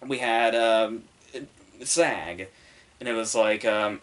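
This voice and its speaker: Rambling, profane low-voiced man. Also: steady tone, moderate pace, fairly bright tone. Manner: rambling and profane, heavy on fillers. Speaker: podcast host reviewing the Oscars. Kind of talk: casual solo commentary.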